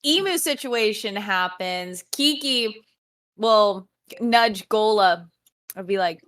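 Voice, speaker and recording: A woman's voice: medium pitch, slow pace, a bit bright. A woman playing in a tabletop game, playfully describing what her character does. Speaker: player.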